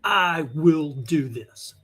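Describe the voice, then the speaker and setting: A man preaches in a fairly high, husky voice. He is emphatic and blunt and scolds his listeners as he teaches from scripture in an online sermon. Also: expressive, drawn-out words, fairly bright tone. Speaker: Bible teacher.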